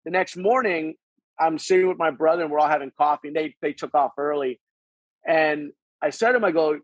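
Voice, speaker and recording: High-voiced man telling a rambling story. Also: brisk, no echo, dull audio. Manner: rambling, restarts sentences, acts out quoted dialogue; swears casually. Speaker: podcast guest. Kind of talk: casual conversational storytelling.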